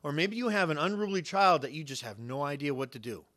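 A man preaching with a bright, fairly high voice. He speaks earnestly and swells to loud emphasis, voicing God's replies himself. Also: animated, fast. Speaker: pastor. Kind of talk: sermon.

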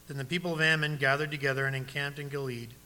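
Man, preacher, sermon, bright voice, somewhat high pitch, direct and questioning. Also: level tone, fast. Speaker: pastor.

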